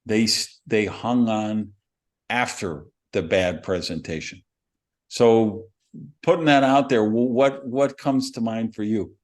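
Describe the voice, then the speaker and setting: Slow-talking low-voiced male host. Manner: emphatic, restarts sentences. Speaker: podcast host. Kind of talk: casual interview chat.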